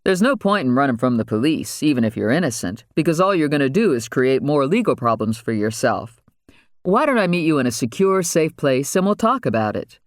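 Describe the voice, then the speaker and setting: Man doing a calm, persuasive young man. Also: mid-range voice, a little fast, no room sound, clean studio sound, close to an everyday voice.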